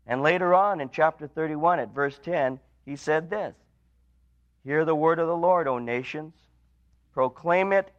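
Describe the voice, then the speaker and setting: Guy preaching a sermon, kinda high voice, swings loud then real quiet, dull lo-fi tape sound. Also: unhurried. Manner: rises in pitch and volume for emphasis, drops low and quiet for quoted lines. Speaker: pastor.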